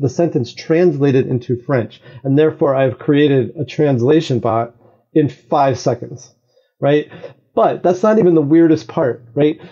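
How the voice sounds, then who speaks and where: Podcast guest, male, mellow tone, lively explainer who keeps asking "right?", muffled lo-fi recording. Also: fairly high pitch, breathy edge. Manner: animated, talks in long explanations with frequent "right?". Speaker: guest, AI games designer. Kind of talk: conversational explanation.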